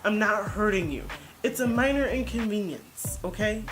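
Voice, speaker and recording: A woman's voice: medium pitch, lively intonation, normal speed, over music. A woman vlogger giving casual reaction commentary, blunt and defensive, rambling as she searches for words.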